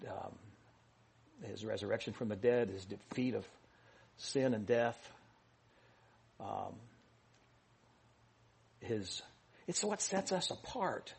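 A man with a husky, slightly rough voice delivers a loose, conversational sermon. He wanders through asides and teasing jokes, stopping and restarting his sentences as he goes. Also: on the low side, darkish tone. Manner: rambling, joking and self-correcting, with many restarts and fillers. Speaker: pastor. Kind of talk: informal sermon.

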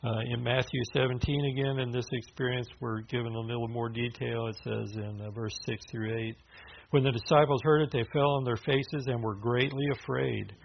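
A man's voice: fairly even intonation, moderate pace, creaky. A man preaching a sermon in a loose, conversational way, with restarts and filler words as he explains scripture. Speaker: pastor. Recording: dull low-fidelity sound with faint hiss.

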